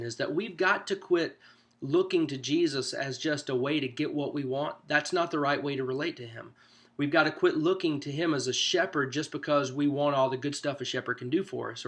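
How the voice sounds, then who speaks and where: A man's voice: fairly high pitch, fairly bright tone. A man, a pastor, coaching small group leaders through a discussion guide in a loose, conversational teaching manner. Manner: conversational, loose, with frequent "you know" asides. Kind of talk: informal teaching walkthrough.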